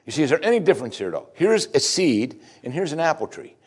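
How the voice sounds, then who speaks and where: A man preaching a sermon in a plain-spoken, folksy way, full of rhetorical questions, swinging from loud emphatic bursts to low quiet asides. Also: big pitch swings, quick pace, breathy edge.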